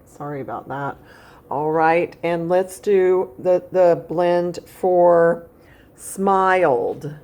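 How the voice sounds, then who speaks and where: A woman's voice: lowish voice, fairly even intonation, takes it slowly, warm tone. A woman teaching a recorded phonics lesson, speaking straight to a young pupil at home and patiently repeating key points. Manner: speaks directly to a child at home.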